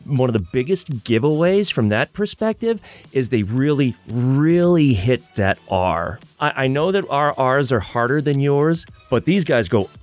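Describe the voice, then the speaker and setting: A man's voice: mid-range voice, very animated, measured pace, faint music behind. An American man co-hosting a podcast in easygoing, curious casual chat. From United States. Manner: easygoing, curious, laughs along. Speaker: podcast co-host.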